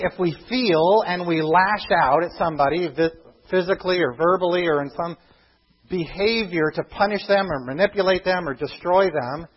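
A man preaching a sermon as pastor, earnest and emphatic, dropping to a hushed tone on key points. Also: fairly high pitch, slightly rough, muffled recording.

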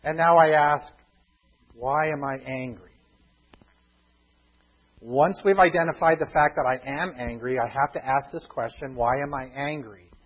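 Husky-voiced man preaching earnestly. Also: a little high, highs cut off. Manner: earnest preaching, swings between emphatic and hushed. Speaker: pastor. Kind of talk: sermon.

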